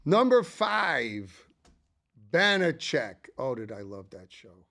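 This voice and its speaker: An older man talks through his favorites in a loose, chatty monologue. He sounds enthusiastic and rambles into asides, his voice sitting a little on the high side. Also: very animated, slow, vocal fry, a bit bright. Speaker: channel host. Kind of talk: casual ranking monologue.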